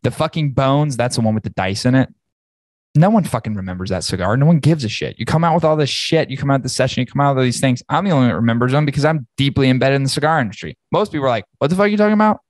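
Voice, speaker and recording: A man's voice: mid-range voice, rapid-fire, no echo. A man hosting a podcast, ranting angrily and swearing heavily. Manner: profane, angry ranting. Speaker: podcast host. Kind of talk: casual podcast rant.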